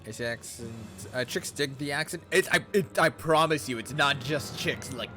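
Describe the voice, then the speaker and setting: A man casually chatting as he livestreams a video game, animated and profane, laughing often. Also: medium pitch, normal speed. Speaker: streamer. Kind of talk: casual gaming livestream commentary. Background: faint game music.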